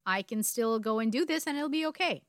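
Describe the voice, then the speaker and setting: A woman's voice: a little high, animated, fairly quick, dry recording, clean studio sound. A woman in her forties from India, co-hosting a podcast and telling a true crime story in a casual way with wry asides.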